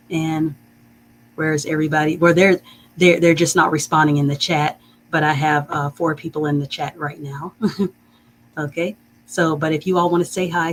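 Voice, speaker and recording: Speaking slowly in a fairly low voice, a woman runs a live reading lesson online, greeting chat viewers and warmly encouraging them. She stretches words out for careful, clear pronunciation. The recording is rough and carries a faint background hum.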